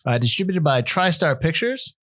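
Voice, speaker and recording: A man's voice: a little high, very animated, normal speed, fairly bright tone, dry recording. A man co-hosting a casual film podcast, joking and laughing as he runs through release dates and box office figures. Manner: jokey, laughs often, reads release facts. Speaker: podcast co-host.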